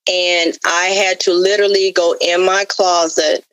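A woman's voice: fairly low pitch, level tone, measured pace, fairly bright tone, clean tone, no echo, low-quality recording. Earnest woman telling her life story. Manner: earnest, repetitive, with many fillers; openly spiritual. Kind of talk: heartfelt personal testimony.

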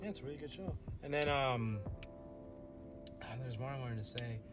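A man's voice: medium pitch, moderate pace, music in the background. Laid-back young man, hesitant chat. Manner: laid-back, hesitant, lots of "like" and "I don't know". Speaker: podcast co-host. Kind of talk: casual chat.

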